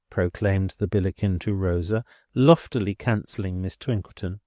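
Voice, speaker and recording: A man's voice: low-pitched, moderate pace, hardly any pauses, warm tone, dry recording. Male audiobook narrator, dry sound. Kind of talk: scripted narration.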